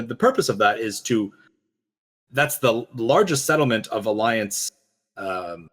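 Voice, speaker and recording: A man's voice: fairly low pitch, fairly bright tone, husky. A man co-hosting a podcast, talking casually about a game cinematic in a rambling way with frequent restarts and fillers. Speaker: podcast co-host.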